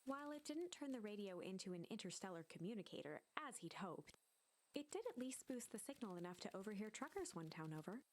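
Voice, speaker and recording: A woman narrates a storybook-style game in an even, mid-pitched voice. The narration is scripted and measured. A faint noise sits under the recording.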